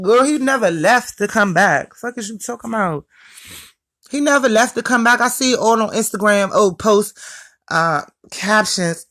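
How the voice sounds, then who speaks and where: Blunt, bright-voiced young woman ranting. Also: medium pitch, expressive, a little slow. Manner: blunt, profane, mocking. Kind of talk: casual opinion rant to listeners.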